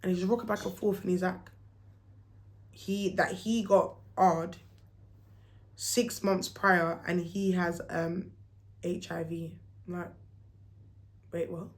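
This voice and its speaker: Young woman, casual storytime vlog, animated, slangy, plays out the dialogue. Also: lowish voice, slow pace, pauses often.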